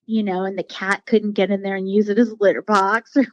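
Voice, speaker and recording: A woman guest tells a personal story in a heartfelt, rambling way, circling back with fillers and restarts. Her voice sits at an ordinary middle pitch. The sound is dull and a bit muffled, and very dry. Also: flat delivery, brisk, no echo. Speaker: podcast guest. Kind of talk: casual storytelling interview.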